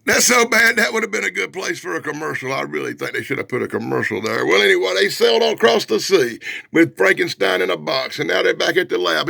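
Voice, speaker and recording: A man reviewing an old comic book in a loud, mocking, excitable way, swinging between shouts and mutters. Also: high voice, creaky, no room sound, clean studio sound. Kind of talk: casual, rowdy comic review.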